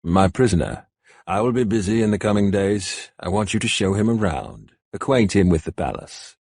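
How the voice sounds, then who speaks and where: A man voicing a cold, mocking male warlord who speaks slowly and deliberately. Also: fairly low pitch, expressive, creaky, darkish tone, breathy edge, no room sound, studio quality, full character voice.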